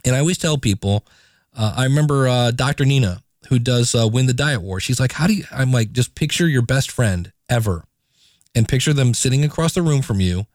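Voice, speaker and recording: A man hosting a solo podcast in a chatty, animated way, with an everyday mid-range voice. His voice sounds close and dry, with no room echo. He moves quickly between stories and advice. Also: mid-range voice. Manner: chatty, animated, playful asides. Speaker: podcast host. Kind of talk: casual solo podcast talk.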